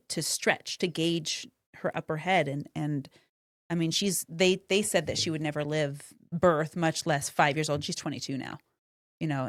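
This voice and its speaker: A woman's voice: low-pitched, no echo, clean studio sound. A woman hosting an interview podcast, speaking effusively and emotionally, often restarting her sentences. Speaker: podcast host. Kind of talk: casual interview chat.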